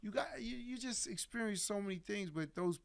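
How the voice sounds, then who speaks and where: A middle-aged man telling stories as a podcast guest in a casual, animated way. He swears freely and laughs through his tales. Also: high-pitched, brisk, creaky. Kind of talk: casual storytelling interview.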